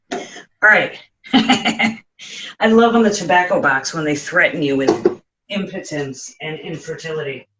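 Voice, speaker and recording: A man's voice: on the high side, fairly bright tone, slight background noise, low-quality recording. A man chatting casually through a home cooking vlog, making joking asides and talking to his cat in his kitchen. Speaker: home cook vlogger.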